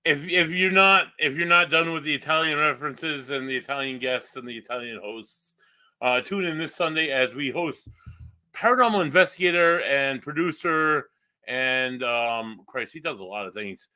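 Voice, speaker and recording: A man co-hosts a live podcast in a loose, joking way, swearing freely. His voice is bright and forceful. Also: medium pitch, moderate pace, dry recording, rough recording. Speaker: podcast co-host. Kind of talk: casual banter on a live show.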